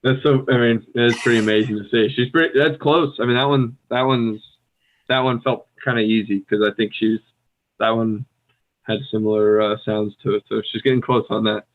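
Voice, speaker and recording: A man's voice: medium pitch, steady tone, moderate pace. Man on a tinny phone-like line. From United States. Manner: thinks aloud, laughs easily. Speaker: podcast co-host. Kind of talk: casual bilingual chat.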